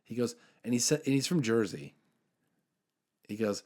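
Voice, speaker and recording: Earnest low-voiced man telling stories. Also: expressive, fairly quick, long pauses. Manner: earnest storytelling, many fillers, trails off softly. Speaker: podcast host. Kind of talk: casual faith chat.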